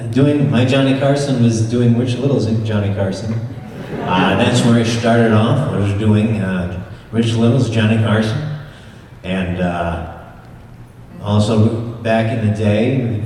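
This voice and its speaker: A man's voice: fairly low pitch, steady tone, slow, darkish tone, slight background noise. Joking man in an echoing hall. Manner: jokey, playful. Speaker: voice actor panel guest. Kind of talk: convention Q&A. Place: large convention hall. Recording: echoey convention hall, from far off. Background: crowd.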